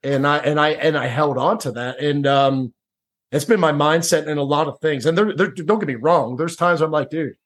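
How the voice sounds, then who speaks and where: Casual, slightly high-voiced man telling a story. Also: normal speed. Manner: casual, repeats words, says "dude" and "like". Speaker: podcast guest. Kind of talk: storytelling interview.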